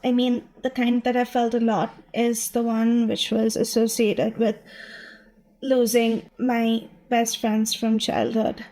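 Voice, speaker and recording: A woman's voice: fairly high pitch, flat delivery, takes it slowly, mellow, low-quality recording. A woman sharing personal experience in a panel chat, hesitant and full of fillers.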